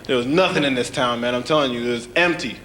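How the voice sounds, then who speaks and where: A man's voice: mid-range voice, quick pace. A young man performing a stand-up routine, telling stories casually and acting out other people's voices. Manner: animated storytelling, acts out voices, says "man" a lot. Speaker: stand-up comedian. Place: comedy club stage. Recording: live club with loud crowd and noise.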